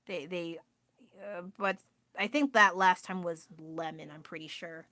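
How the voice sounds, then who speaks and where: A woman's voice: fairly low pitch, steady tone, unhurried, pushed and bright, no echo. A woman with an American accent chatting casually on a livestream, rambling and laughing often as she answers her chat. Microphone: phone.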